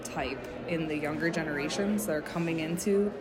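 A woman's voice: deep voice, moderate pace. A woman in her thirties, a guest researcher, answering interview questions in an upbeat way and laughing easily. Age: 30s. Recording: crowd chatter behind.

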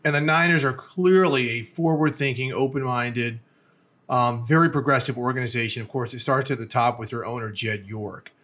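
A man's voice: mid-range voice, moderate pace, a bit bright. Man host asking long questions. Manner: direct, long-winded questions. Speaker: interview host. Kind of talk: interview questions.

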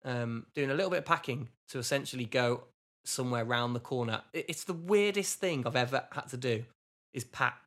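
Rambling podcast host, mid-pitched and chatty, recording from a hotel room. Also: male voice, a little fast, a bit bright. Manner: rambling, chatty, self-deprecating. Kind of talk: casual chat.

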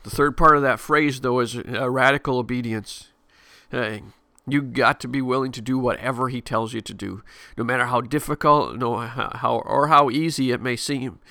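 A middle-aged man talks through a casual devotional podcast episode, rambling and correcting himself as he goes. His voice is bright and forward, recorded close and dry with no room sound. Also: mid-range voice, steady tone, moderate pace, vocal fry, no echo. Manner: chatty, rambling, frequent fillers and self-corrections. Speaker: podcast host.

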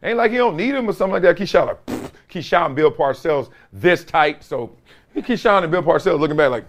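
A man in his forties hosts a casual sports talk show, his fairly high voice swooping through a very lively range. He tells stories in an emphatic, slangy way and breaks into laughter often. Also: fairly quick. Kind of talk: casual sports commentary with storytelling.

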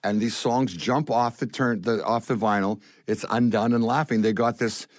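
An older Canadian guest musician tells stories animatedly, acting out the voices of the people in them. He speaks at medium pitch and normal speed, with no room sound in the recording.

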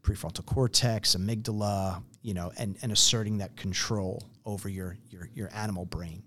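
A man's voice: on the low side, steady tone, moderate pace, bright, forceful tone. A man in a conversational interview, explaining his program earnestly, telling stories and acting out quotes along the way. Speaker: program founder.

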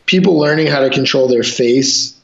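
A man, a martial arts instructor and podcast guest, telling gym stories in a profane, animated way. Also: medium pitch, normal speed, gravelly. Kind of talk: casual podcast chat. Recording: roomy, dull lo-fi sound.

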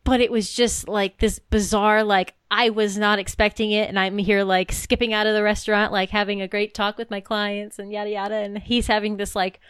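Woman, podcast co-host, casual storyteller; smooth, resonant, dry close mic. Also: medium pitch, level tone, moderate pace, hardly any pauses, a bit bright, no room sound. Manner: chatty, storytelling, many fillers. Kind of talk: casual chat.

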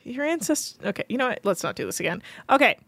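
A woman co-hosting a podcast in casual chat, recapping a reality show with playful, crude jokes and quick mimicry. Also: fairly high pitch, very animated, fairly bright tone, no echo. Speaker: podcast co-host.

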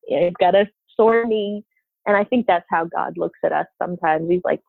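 A middle-aged woman speaks earnestly and from the heart about her faith, in a low voice with a gravelly edge. Her voice comes through a thin, phone-like line with no room sound. She talks at length as a guest. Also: normal speed, no room sound. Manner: earnest and heartfelt, sharing testimony. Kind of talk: faith-based conversation. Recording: tinny phone-like line, dry.

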